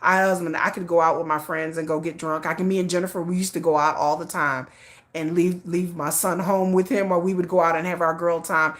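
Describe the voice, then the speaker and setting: Frank, animated woman with a lowish voice. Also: fast talker. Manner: animated and blunt, with acted quotes and cursing; laughs often. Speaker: livestream host. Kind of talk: candid personal storytelling.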